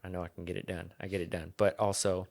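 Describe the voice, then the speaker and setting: A young man with a very deep, low-pitched voice hosts a casual podcast chat. He rambles in a relaxed, easygoing way, swearing and laughing as he goes. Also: quick pace, vocal fry. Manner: laid-back, rambling, swears and laughs often. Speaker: podcast host.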